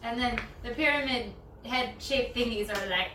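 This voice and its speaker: A young woman chats casually during a craft session, giggling and rambling through a long story in bursts of animated quoted voices. She sits well back from the mic in a roomy, echoing space. Steady noise hangs behind her. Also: fairly high pitch, normal speed, hardly any pauses. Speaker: DIY crafter. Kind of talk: casual chat. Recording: echoey, distant, noisy room mic.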